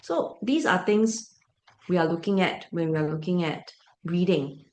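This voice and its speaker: A woman's voice: fairly low pitch, unhurried, darkish tone. Lady teacher briefing parents, keeps asking "right? okay?", roomy echo. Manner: emphatic, asks frequent rhetorical checks.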